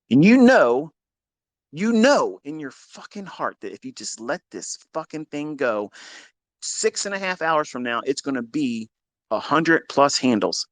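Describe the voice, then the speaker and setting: A man's voice: mid-range voice, a bit bright, dry recording. A man coaching traders in a blunt, profane motivational monologue. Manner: profane, emphatic, preachy. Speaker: trading coach.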